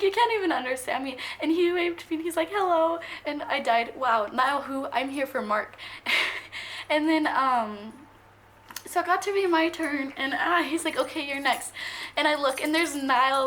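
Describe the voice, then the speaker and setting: A young woman vlogger rambling excitedly as she tells a story to her camera, gushing and jumping between thoughts. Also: sits high.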